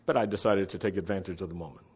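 Middle-aged man, low-pitched and chatty, storytelling with a casual, animated delivery. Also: rapid-fire, slightly rough. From United States. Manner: animated, chatty, asks listeners to follow along. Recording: dull lo-fi recording.

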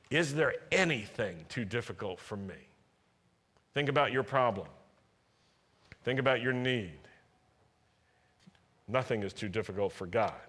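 A man's voice: fairly high pitch, a bit bright, big-room sound. A man preaching a sermon as a pastor, earnest, repeating phrases for emphasis and acting out prayers.

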